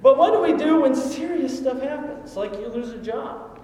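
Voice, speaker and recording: A man with a strikingly high voice preaches a sermon, leaning on storytelling and rhetorical questions. His voice rings out with heavy echo and a long reverb tail from a large church hall. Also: lively intonation, normal speed, warm tone. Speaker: pastor.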